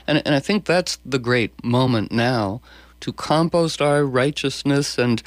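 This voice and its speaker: Guy hosting, eager and tripping over his words, mid pitch. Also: unhurried, no echo. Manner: excitable, stumbling, with many restarts. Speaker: host. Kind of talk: conversational interview.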